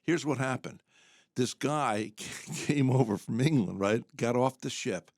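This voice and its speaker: An older man tells loose, rambling stories on a talk show, slipping into little acted-out quotes along the way. His voice sits at an ordinary middle pitch, and the sound is close and dry, with hardly any room around it. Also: measured pace, darkish tone, no echo. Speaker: co-host. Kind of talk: casual storytelling chat.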